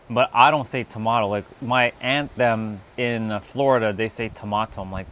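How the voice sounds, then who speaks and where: A man's voice: medium pitch, brisk, few pauses, a bit bright, slight background noise. Laid-back joking male livestreamer. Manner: laid-back, joking, swears casually, reads chat aloud. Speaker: livestream host. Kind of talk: casual livestream chat with viewers.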